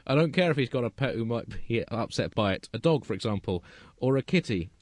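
A man co-hosting a satirical comedy podcast, delivering puns in a deadpan way and chuckling at his own jokes. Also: medium pitch, fast talker, no room sound. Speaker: co-host.

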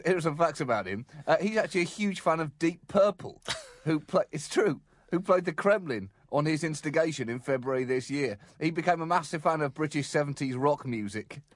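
A man's voice: a little high, dry recording. A man co-hosting a comedy podcast while ill, often chuckling through his lines. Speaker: co-host. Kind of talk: comedy podcast banter and scripted jokes.

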